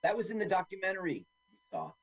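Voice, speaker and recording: A man chatting casually on a radio show while watching a movie, joking and tossing in quick silly voices. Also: high voice, husky, lo-fi sound. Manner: animated, jokey, does quick silly voices. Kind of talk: casual movie commentary chat.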